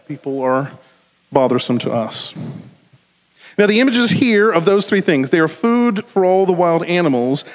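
Southern pastor preaching in a reverberant hall. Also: male voice, on the high side. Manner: conversational, jokey asides, slows for emphasis. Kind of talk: sermon.

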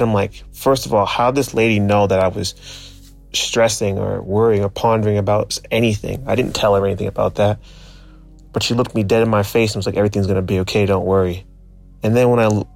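Low gravelly man telling a story. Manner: reflective, searching for words. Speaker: guest storyteller. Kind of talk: casual spoken storytelling.

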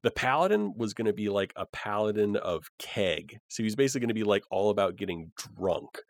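A man's voice: on the low side, a little fast, dry recording. A young man talking casually about the character he plays in a tabletop game, rambling with plenty of fillers. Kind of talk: casual podcast chat.

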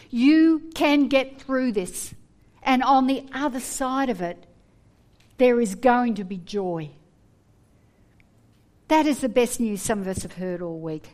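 A woman preaching a sermon, earnest and animated, with humorous asides. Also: fairly high pitch.

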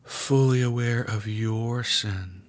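A man leading a guided prayer meditation, speaking slowly and softly and often dropping to a whisper. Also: mid-range voice. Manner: slow, hushed, often whispering. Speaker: prayer leader.

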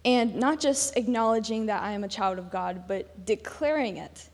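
A woman's voice: mid-range voice, normal speed. A young woman giving a chatty church devotional talk, self-deprecating and full of fillers. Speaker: devotional speaker. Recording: long reverb of a large hall.

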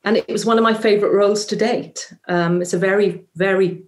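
A woman's voice: medium pitch, fairly even intonation, brisk. A Welsh woman, a musical theatre actress, telling a story in a chatty interview full of ums. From Wales. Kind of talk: casual interview anecdote.

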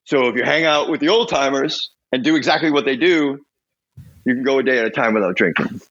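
A man's voice: medium pitch, brisk, a bit bright, muffled recording. A middle-aged man telling his recovery story as a podcast guest, blunt and profane, acting out the voices of people in his story. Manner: blunt, profane, laughs often.

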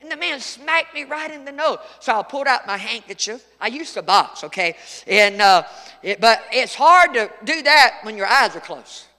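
Middle-aged male pastor, sermon, high voice, folksy storytelling, hall reverb. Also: animated, moderate pace, sharp tone. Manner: preaching with folksy storytelling and emphatic outbursts.

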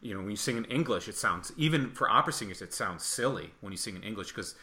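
Bright-voiced man from Michigan. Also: on the low side, expressive, fast talker. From Michigan, US Midwest. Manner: chatty, laughing, slips into playful voice impressions. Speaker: guest, opera singer. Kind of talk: casual podcast chat.

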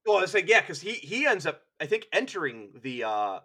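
A man's voice: a little high, sing-song, brisk, sharp tone, husky. A man co-hosting a podcast, retelling lore in rambling, filler-heavy, profane casual chat. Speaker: podcast co-host.

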